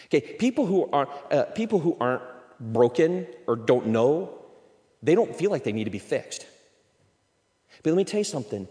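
A man's voice: medium pitch, mellow, big-room sound. A man preaching a conversational sermon, acting out little everyday dialogues as he goes. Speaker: pastor.

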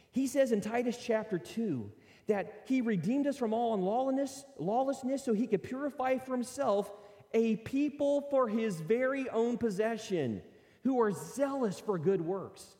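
Animated preacher in a reverberant hall. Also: male voice, high voice. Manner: animated preaching, acts out excuses in character voices. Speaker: pastor. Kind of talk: sermon.

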